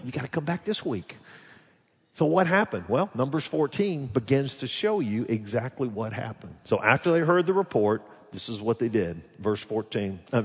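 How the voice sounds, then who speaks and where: A man preaching a sermon as pastor, animated, swinging between loud rises and quiet drops as he voices the people's complaints. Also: mid-range voice, slightly rough. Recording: long hall reverb.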